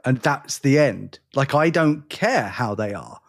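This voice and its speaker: A man's voice: mid-range voice, expressive, unhurried. A tired English man with an accent between London and educated, chatting casually as podcast co-host, rambling and self-deprecating. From England. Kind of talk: casual chat.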